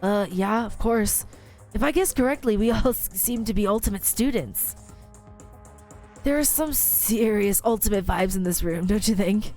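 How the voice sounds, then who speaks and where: A woman's voice: medium pitch, animated, measured pace, a little mellow, soft background music, natural voice. A woman voicing an eager male student with a laid-back surfer twang, explaining things at length in a game playthrough. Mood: enthusiastic. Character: cheerful know-it-all male student, surfer-ish.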